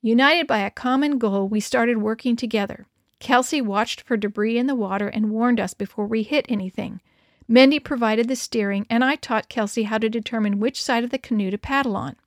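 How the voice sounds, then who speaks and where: A woman's voice: a little high, no echo, studio quality. Woman reading a story aloud. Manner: expressive, lively dialogue. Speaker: narrator.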